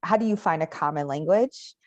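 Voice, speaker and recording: A woman's voice: sits low, a little fast. A woman on a round-table panel, speaking in a thoughtful, reflective way. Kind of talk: casual round-table chat. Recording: dull, muffled audio.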